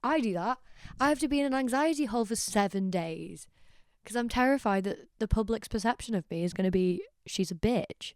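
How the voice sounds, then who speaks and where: A woman's voice: a little high, fairly quick, darkish tone, no room sound, clean studio sound. A tipsy young woman hosting a casual solo podcast, rambling, sardonic and giggly. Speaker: podcast host.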